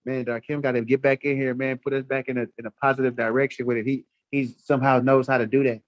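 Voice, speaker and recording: A man's voice: medium pitch, little pitch movement, fast talker, no echo. Blunt, profane man with dull lo-fi sound. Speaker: livestream guest. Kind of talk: casual storytelling on a live stream.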